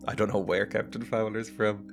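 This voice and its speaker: A let's-play gamer chats casually while he plays, joking around and laughing often. His voice sits fairly low with little pitch movement, and he talks at a normal speed. Music plays in the background.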